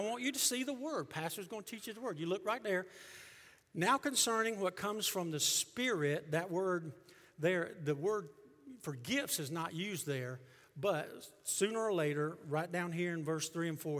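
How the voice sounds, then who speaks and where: Man, pastor, sermon, high voice, emphatic, echoing church hall. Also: normal speed. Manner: emphatic, rising to near-shouts then dropping low. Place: church sanctuary. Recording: long reverb of a church hall.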